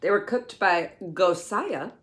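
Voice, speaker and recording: A woman's voice: medium pitch, animated, takes it slowly. A woman casually reviewing snacks, blunt and chatty, reading details off the packaging. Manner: blunt, reads packaging aloud. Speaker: food reviewer. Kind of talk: casual food review chat.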